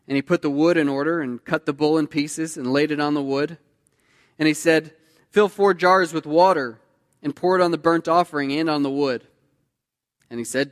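Preacher, male, slightly high voice, reads scripture then comments casually, hall reverb. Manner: reads aloud then explains conversationally. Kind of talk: sermon reading scripture with commentary.

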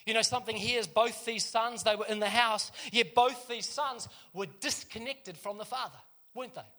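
A New man preaches a sermon with a high, bright and forceful voice. He tells the story with energy and turns to the congregation with quick joking asides.

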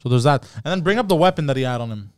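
A man co-hosting a podcast in casual, excitable chat, swearing and laughing often. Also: mid-range voice, very fast, no room sound, studio quality. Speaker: podcast co-host.

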